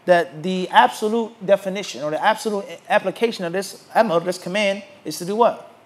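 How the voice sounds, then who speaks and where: A man teaching a religious class, emphatic and animated, who keeps asking his listeners rhetorical questions and waits for them to answer. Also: high-pitched, brisk. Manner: rhetorical questions asked to the audience. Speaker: Islamic teacher.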